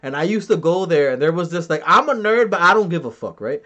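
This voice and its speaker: A man's voice: fairly high pitch, lively intonation, fast, a bit bright. A man in his thirties hosting a podcast, chatting casually, joking and swearing as he reads chat comments and tells stories. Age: 30s. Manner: profane, joking storyteller who laughs often. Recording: dull lo-fi sound.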